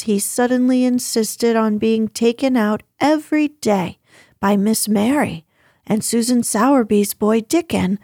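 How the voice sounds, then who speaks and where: A woman's voice: on the high side, a little mellow, dry recording, studio quality. A woman doing a flustered old-fashioned housekeeper. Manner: fussy, hesitant. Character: flustered middle-aged housekeeper, deferential.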